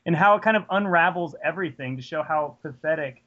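Man, podcast co-host, casual film talk, articulate, steady, slightly high voice, muffled lo-fi audio. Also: quick pace.

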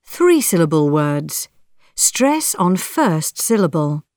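A woman's voice: lowish voice, big pitch swings, a little mellow, no room sound, clean studio sound. Woman announcing coursebook audio tracks. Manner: plain, measured announcing of track and section headings.

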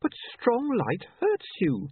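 A man voicing a quick, sharp-minded young woman in a brisk, questioning manner. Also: extremely high pitch, wildly swooping pitch, slightly rough, no echo, voice pushed up, exaggerated voice. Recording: tinny phone-like, dry.

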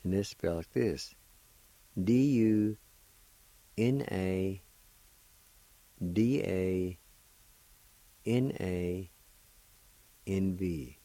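A man hosting a pronunciation lesson, sounding out words syllable by syllable and repeating them slowly. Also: low-pitched, dark tone, dry recording. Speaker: language teacher and radio host.

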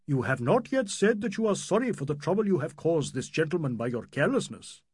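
A man voicing a polite, placating middle-aged gentleman who speaks in a courteous, soothing manner. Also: fairly high pitch, big pitch swings, brisk, husky, no room sound, studio quality, voice pushed up. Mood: scolding.

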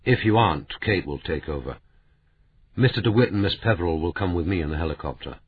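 A man's voice: sits low, brisk, husky. A man voicing a composed senior police commander who gives orders in an ordinary, businesslike way. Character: calm senior police commander, matter-of-fact. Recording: narrow, phone-like audiobook sound.

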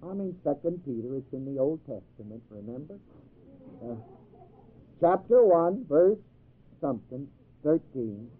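A man's voice: a little high, animated, measured pace, long pauses, breathy edge. A man teaching a Bible class in a sermon style, emphatic, quizzing his listeners with questions. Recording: tinny phone-like old tape.

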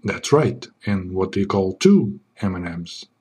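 A man playing a smug secret agent in a comedy sketch, keeping a low, smooth, deadpan voice. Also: unhurried, full character voice. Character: suave smug male secret agent parody.

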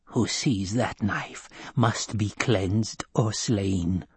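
Brief: male narrator doing a grim desert housekeeper woman, husky, very slow, dry close sound. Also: a little mellow, no room sound. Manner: slow, low and muttering. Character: fierce desert housekeeper woman, secretive and devout. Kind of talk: audiobook character voice.

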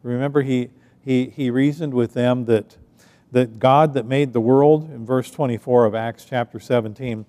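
Halting man preaching in an echoing church. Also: mid-range voice, steady tone, warm tone. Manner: conversational, halting with frequent restarts. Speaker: pastor. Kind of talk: sermon.

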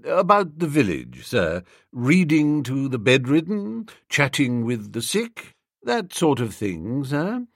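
A man voicing a middle-aged male valet who speaks in a formal, measured, unflappable way. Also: medium pitch, very animated, dry recording, studio quality, full character voice. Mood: deferential.

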